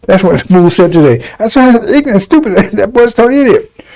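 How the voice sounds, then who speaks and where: A man's voice: high voice, big pitch swings, fairly quick, vocal fry, mellow, poor audio. A man giving heated scripture commentary on a religious broadcast, scornful and rambling, with mocking laughs.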